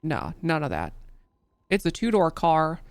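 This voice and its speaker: A woman's voice: deep voice, big pitch swings, unhurried, dry recording. A woman testifying in character as an undersheriff during a role-play court case, telling her account in a loose, rambling way full of restarts and fillers.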